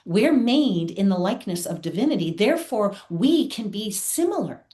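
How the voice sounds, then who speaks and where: A woman's voice: medium pitch, sing-song, normal speed, warm tone. A woman guest on an interview show, telling personal stories in an earnest, heartfelt way. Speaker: guest, theatre producer. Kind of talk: candid personal storytelling. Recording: roomy echo.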